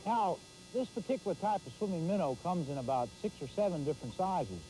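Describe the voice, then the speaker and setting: Excitable man narrating fishing. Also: high voice, a little fast, slight background noise, low-quality recording. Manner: excitable, exclaiming, folksy. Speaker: fishing show host. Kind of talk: live fishing commentary. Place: outdoors on a boat on a pond.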